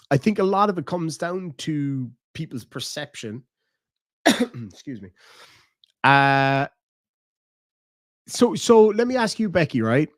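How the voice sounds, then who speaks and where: A man's voice: on the high side, no room sound, studio quality. An Irish man hosting a live stream, answering his chat in a blunt, casual way, swearing freely and laughing often. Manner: blunt, profane, laughs easily. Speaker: streamer host reading chat.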